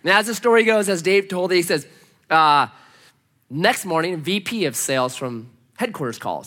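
Animated preaching man with bright voice. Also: on the high side, normal speed, long pauses. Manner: animated, humorous storytelling, emphatic repetition. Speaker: pastor. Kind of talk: sermon.

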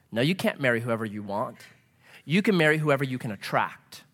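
Pastor guy giving a sermon, bright tense voice, tells stories and does everyone's voices. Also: medium pitch, a little fast, in a large hall. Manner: animated, acts out quoted voices. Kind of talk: sermon with storytelling.

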